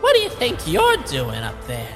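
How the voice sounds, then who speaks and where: A shrill, snarling villain pug. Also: male voice, wildly swooping pitch, moderate pace, gravelly, fairly bright tone, soft background music, exaggerated voice.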